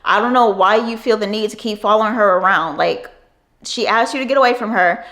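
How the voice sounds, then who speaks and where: A woman's voice: mid-range voice, brisk, a bit bright, close to an everyday voice. A woman voicing a firm young male coworker who steps in to defend her. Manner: firm, stern.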